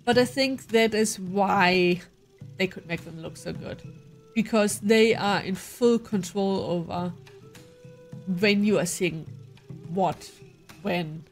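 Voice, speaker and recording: A woman's voice: medium pitch, takes it slowly, long pauses, faint music behind. A woman playing a story game, reading its narration aloud and adding chatty asides of her own. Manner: chatty asides between read-out passages. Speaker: game player. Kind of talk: let's play commentary, reading game text aloud.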